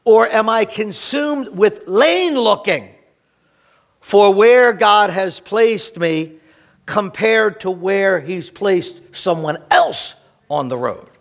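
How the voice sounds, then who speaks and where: Male pastor, higher register, animated sermon delivery with big swings in intensity. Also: slow pace, vocal fry. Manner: animated preaching, swings between emphatic and hushed.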